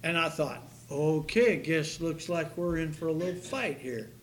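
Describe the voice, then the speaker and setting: A man preaching a sermon to his congregation, telling a story with animated delivery that rises to near-shouts. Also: fairly high pitch, unhurried, slight background noise. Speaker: pastor. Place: church sanctuary.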